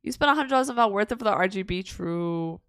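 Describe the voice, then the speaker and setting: A woman's voice: medium pitch, animated, fast, fairly bright tone, clear, resonant tone, no echo, studio quality. Giggly, rambling young woman streamer. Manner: rambling and giggly, with many restarts. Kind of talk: casual livestream chat answering viewer questions.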